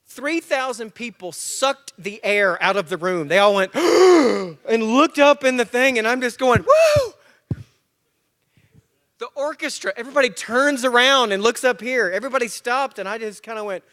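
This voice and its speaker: A man from Tennessee and Georgia, speaking at a church men's breakfast and telling a story to a live audience. He acts the story out, moving between loud bursts and hushed asides. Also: very high voice, lively intonation, normal speed, few pauses.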